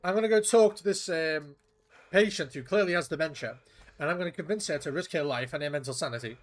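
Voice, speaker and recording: A man's voice: fairly high pitch, fast. A young British man from the UK, giving chatty, swearing gaming commentary as a streamer and laughing often. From United Kingdom. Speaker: game streamer.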